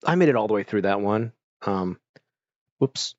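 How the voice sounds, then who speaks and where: A man's voice: lowish voice, lively intonation, moderate pace, darkish tone, no echo, muffled recording. A man chatting casually with his stream viewers, rambling with lots of fillers while fighting off hiccups. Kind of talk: casual chat.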